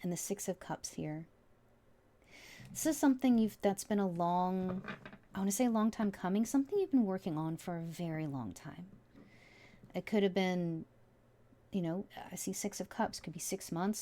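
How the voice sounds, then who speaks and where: A woman's voice: fairly low pitch, normal speed, slight background noise. Woman tarot reader, chatty and heartfelt, gets giddy and breaks off mid-sentence. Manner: excitable, emotional, often trails off and restarts. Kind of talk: casual tarot reading to viewers.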